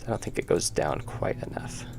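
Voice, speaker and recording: At a moderate pace, an indie game developer chats casually during a livestream as he draws, often muttering to himself in a low-key way. There's background noise along with faint music.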